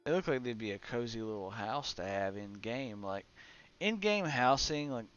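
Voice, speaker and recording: A young man streams a game, muttering casually to his chat and swearing at the menus. His medium-pitched voice is a bit bright with lively intonation at a moderate pace. The stream audio is slightly dull and lo-fi, with faint music behind.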